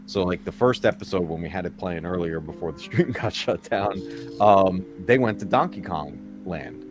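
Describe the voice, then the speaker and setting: A man's voice: deep voice, lively intonation, normal speed. A man hosting a live stream and chatting casually. He rambles with nostalgia and often chuckles. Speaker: stream host. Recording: music playing under the voice.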